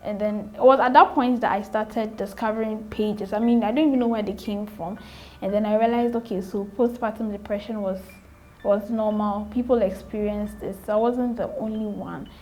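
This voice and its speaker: A woman's voice: medium pitch, steady tone, moderate pace, darkish tone. A young adult woman with a Ghanaian accent, a guest telling her own story earnestly, repeating phrases and acting out remembered exchanges. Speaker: interview guest, new mother. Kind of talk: candid personal storytelling.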